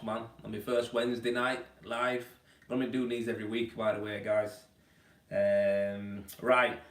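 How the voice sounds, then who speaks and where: A man hosting a casual live-stream Q&A about plastering, talking in a chatty, blokey way and calling viewers mate, at home indoors. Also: fairly low pitch. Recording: roomy, distant from the mic.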